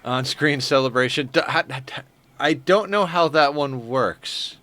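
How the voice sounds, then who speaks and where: Guy streaming a game, rambly and a bit flustered, smooth clear voice, mid pitch. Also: measured pace, sharp tone. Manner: rambling, flustered, self-deprecating. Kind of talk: casual live-stream chat while playing.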